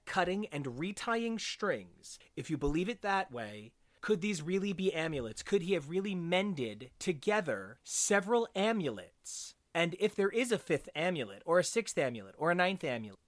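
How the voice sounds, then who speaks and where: A woman co-hosting a casual comic book podcast, excitable, swearing freely and using lots of likes. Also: sits low, no room sound, clean studio sound. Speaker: podcast co-host.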